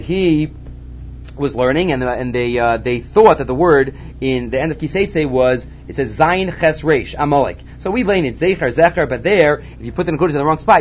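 A man teaching a Talmud lesson, animated and repeating his key points. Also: fairly high pitch. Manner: animated, repeats key points, mixes Hebrew and Aramaic terms. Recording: dull lo-fi recording with faint background noise.

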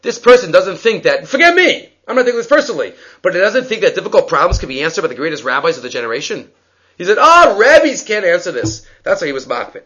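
A man teaching a Talmud lesson, reading Aramaic and Hebrew aloud and explaining it in quick English, acting out each exchange. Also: high-pitched, breathy edge, dull audio. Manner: animated, acts out dialogue with rising voice. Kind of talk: lively Talmud lecture.

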